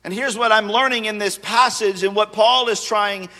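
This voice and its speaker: A man's voice: high voice, fairly even intonation, normal speed, pushed and bright. A man in his thirties preaching a sermon as a pastor, conversational and humorous, slipping into acted asides. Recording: long reverb of a large hall.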